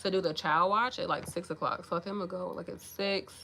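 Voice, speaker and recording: A woman's voice: lowish voice, fairly even intonation, fast, creaky, bright, forceful tone, a little hiss or hum. A woman, giving casual motivational talk in a frank, profane, big-sister manner. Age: 30s. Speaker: nurse vlogger.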